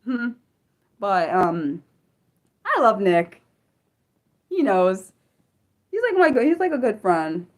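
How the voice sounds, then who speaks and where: A woman's voice: medium pitch, sing-song, takes it slowly, pauses often. A woman hosting an unscripted livestream, rambling casually with many fillers and restarts as she answers her chat. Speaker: livestream host.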